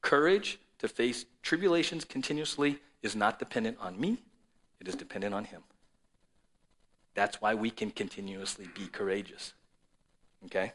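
A man preaching a sermon to a congregation and viewers at home, swinging between loud declarations and soft, low asides. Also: normal speed, pauses often. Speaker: pastor.

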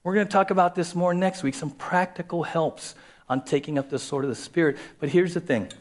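A man's voice: a little high, a little fast, a little mellow. A man preaching a sermon as a pastor in a conversational way, repeating key phrases and acting out quoted voices.

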